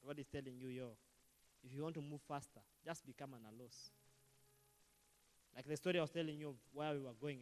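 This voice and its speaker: A man preaching a sermon as pastor, animated and shifting between quiet asides and loud outbursts. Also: fairly high pitch, fast talker, long pauses, in a large hall.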